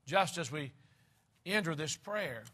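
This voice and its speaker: A man's voice: a little high, animated, unhurried, sharp tone, slightly rough. An older man preaching a sermon, opening with an earnest prayer and then teaching from scripture with emphatic delivery.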